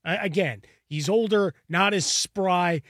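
A man co-hosts a sports talk show with a fairly high voice. He talks casually and builds his case through everyday comparisons. The recording is dry and close. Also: measured pace, fairly bright tone, no room sound. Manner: conversational, builds analogies. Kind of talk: casual sports radio chat.

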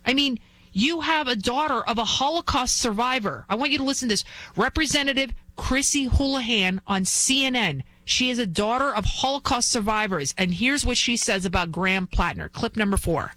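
A woman's voice: a little high, normal speed, sharp tone, dry recording. Fervent woman hosting a talk show. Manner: fervent, fires off repeated rhetorical questions; acts out quoted voices while retelling. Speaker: fill-in talk show host. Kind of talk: opinion talk show monologue.

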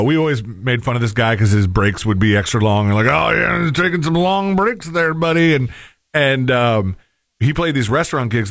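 A man co-hosting a talk show, chatting casually in a relaxed, hesitant way. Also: medium pitch, dry recording, clean studio sound. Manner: relaxed, hesitant, many fillers.

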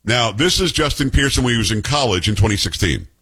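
A man's voice: medium pitch, expressive, fast talker, sharp tone, slightly rough. A middle-aged man with a New York Italian-American accent, giving blunt, sarcastic political commentary as host. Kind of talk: opinionated commentary.

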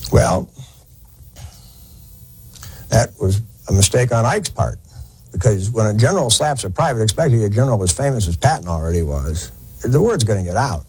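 Man, husky, lively pitch, folksy history storyteller. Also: moderate pace, pauses often, rough recording. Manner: folksy, conversational, with many fillers and restarts. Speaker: historian lecturer. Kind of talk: storytelling lecture.

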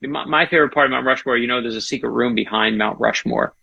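A man's voice: medium pitch, fast talker, gravelly, sharp tone, slightly rough, dull audio. A man, an author and guest, telling history stories enthusiastically in casual interview chat. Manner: enthusiastic, storytelling.

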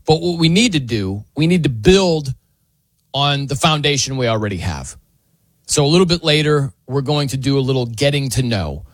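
A man's voice: mid-range voice, animated, normal speed, no echo. A man hosting a sports talk radio show, bantering and teasing his co-hosts with energy and frequent laughs.

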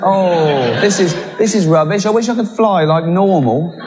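A man's voice: high voice, lively intonation, moderate pace, crowd noise, voice pushed up. A man doing a whiny, self-pitying snake. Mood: sulky. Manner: whining, self-pitying grumbles. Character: whiny, put-upon male snake, high-pitched. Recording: reverberant live venue with noise.

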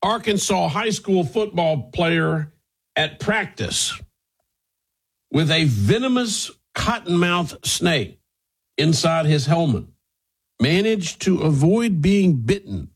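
A man's voice: fairly high pitch, animated, takes it slowly, breathy edge. A man hosting a news segment, reading a story with wry, incredulous asides. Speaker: news host. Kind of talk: news commentary.

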